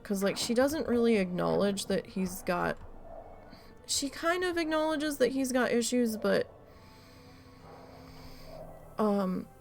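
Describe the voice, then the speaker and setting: A woman's voice: on the high side, expressive, a little slow, vocal fry, soft background music. A woman streamer chatting casually while she plays, telling an exasperated story with a lot of swearing. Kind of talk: casual chat during a live gameplay stream.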